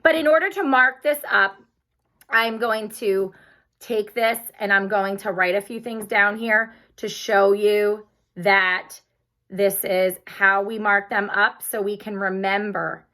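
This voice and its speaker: A woman teacher giving a recorded spelling lesson to young children, speaking slowly and clearly in an encouraging way. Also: mid-range voice, steady tone, pushed and bright.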